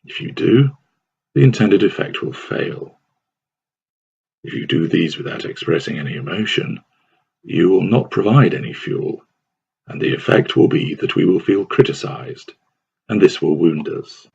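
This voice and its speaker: A man reads a scripted advice text in a slow, deliberate manner. His voice is very low and gravelly, with a husky edge. The recording sounds dull and lo-fi. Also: animated, a little mellow.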